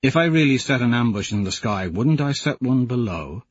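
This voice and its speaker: A man narrating an audiobook in the first person, in a measured storytelling manner. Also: mid-range voice, animated, slightly rough, no echo, highs cut off.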